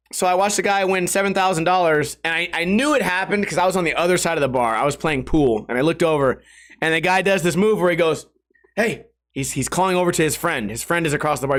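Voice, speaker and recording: A man hosting a solo podcast, telling rambling stories in a casual, animated way, laughing and swearing along. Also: on the high side. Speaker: podcast host.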